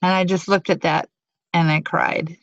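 A woman's voice: lowish voice, steady tone, moderate pace, slight background noise. A woman sharing a spiritual testimony in a searching way, thinking aloud as she goes. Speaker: prayer group member. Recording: dry, muffled lo-fi audio.

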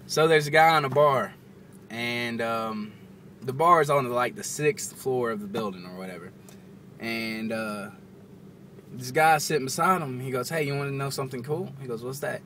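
A man's voice: mid-range voice, normal speed. A man telling crude jokes in a casual, rambling way, stopping to recall how they go. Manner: rambling, stops to recall, laughs at own jokes. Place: inside a car. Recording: distant mic with loud road noise.

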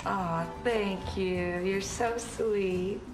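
A woman's voice: medium pitch, steady tone, extremely slow. A woman talking in a chatty, giggly, playful way as a guest on a reality show. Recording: echoey TV clip with music behind.

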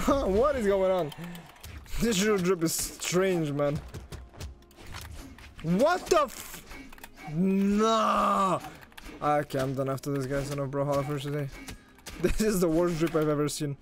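A man commentating his own fighting-game stream, excitable and swearing, yelling at big plays. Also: fairly high pitch, unhurried, soft background music.

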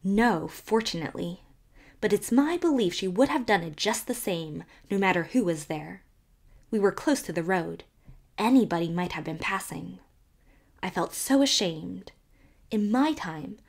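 A woman voicing a sharp-tongued spinster neighbor who relishes scandal and speaks emphatically. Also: medium pitch, lively intonation, unhurried. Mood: scandalized.

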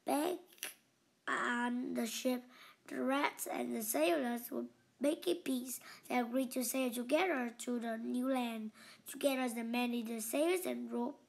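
A woman reading a children's story aloud in a slow, expressive storytelling manner. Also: a little high, creaky. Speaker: narrator.

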